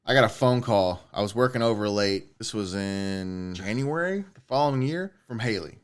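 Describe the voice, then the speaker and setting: Guy on a podcast, low voice, telling a story, cussing and getting hyped. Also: normal speed, clear, resonant tone. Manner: animated, swears a lot, rising excitement. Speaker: podcast co-host. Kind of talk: casual storytelling chat.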